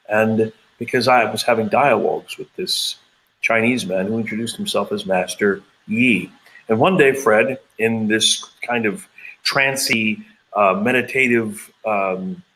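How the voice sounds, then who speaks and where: Low-voiced man rambling through his story. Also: fairly bright tone, a little hiss or hum, rough recording. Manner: rambling, many hesitations and acted-out quotes. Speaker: intuitive channeler, interview guest. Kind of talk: personal storytelling in an interview.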